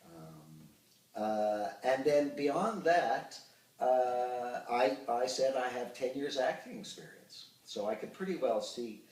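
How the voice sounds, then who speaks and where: A man's voice: mid-range voice, takes it slowly. Older man, roomy and distant. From Ottawa, Canada. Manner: anecdotal, expressive storyteller with hesitant fillers. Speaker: actor and puppeteer, interview guest. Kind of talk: reminiscing interview. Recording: roomy sound, distant from the mic.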